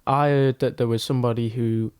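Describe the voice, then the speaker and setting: A man's voice: mid-range voice, fairly even intonation, brisk, a little mellow, smooth, no echo, clean studio sound. A man co-hosting a podcast, chatting casually in a laid-back, joking, sweary way. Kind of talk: casual chat.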